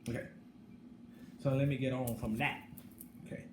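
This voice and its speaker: A middle-aged man talking bluntly in a casual commentary monologue, swinging between loud outbursts and low asides. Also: steady tone, normal speed. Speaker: channel host. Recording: echoey room with background noise.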